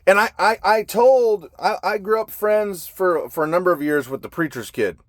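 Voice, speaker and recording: A man's voice: sits high, normal speed, dry recording, clean studio sound. A man telling his life story in a raw, blunt monologue, swearing constantly. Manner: heavy profanity, blunt and agitated.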